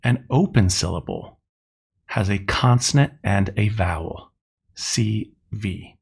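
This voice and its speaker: A middle-aged man teaching a recorded lesson, explaining step by step and spelling out sounds slowly. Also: fairly low pitch, expressive, gravelly, darkish tone, husky. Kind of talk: recorded classroom lecture.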